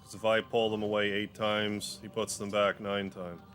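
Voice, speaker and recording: A man with a fairly low voice chats loosely over live gameplay. He jokes, loses his train of thought and talks to his pets. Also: level tone, moderate pace, a bit bright, soft background music. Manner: rambling, joking. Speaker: game streamer. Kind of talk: casual live gameplay commentary.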